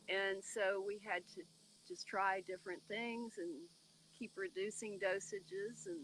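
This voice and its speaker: A woman's voice: medium pitch, bright, forceful tone, slight background noise, poor audio. A woman horse breeder explaining things in a matter-of-fact way during an interview.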